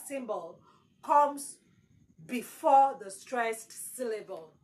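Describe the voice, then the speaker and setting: Woman teacher, exam-prep lesson, slow and emphatic, repeats words, slightly high voice. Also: animated, darkish tone, rough recording. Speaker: English teacher.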